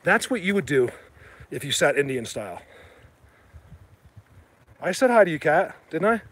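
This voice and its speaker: A man hosting a casual livestream from outdoors in the rain, talking excitedly to viewers through a handheld phone as he walks. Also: on the high side, moderate pace, husky. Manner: rambling, excitable, addresses viewers. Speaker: livestream host. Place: outdoors in woods during rain.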